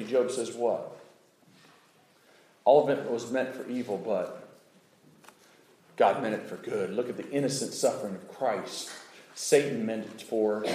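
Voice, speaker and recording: A man preaching a sermon, animated, acting out little voices and swinging from loud outbursts to hushed asides. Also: mid-range voice, roomy sound, rough recording. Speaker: pastor.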